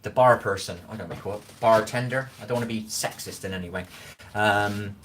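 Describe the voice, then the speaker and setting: Slight background noise accompanies this Scottish man as he chats loosely on a kitchen livestream, rambling and asking "do you know what I mean" again and again. He's a fast talker with a lowish, fairly bright voice.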